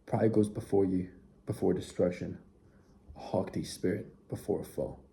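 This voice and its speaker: A man's voice: sits low, fairly even intonation, normal speed, vocal fry, dark tone. A young man talking casually and earnestly to camera about Bible verses, often saying "dude" and dropping to near whispers. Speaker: faith vlogger.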